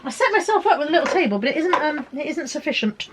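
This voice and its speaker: A woman's voice: high-pitched, sing-song, fast, heavy background noise. A middle-aged woman chatting casually and joking at her own expense while unboxing parcels. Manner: chatty, self-mocking, fiddling with packages as she talks. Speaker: vlogger.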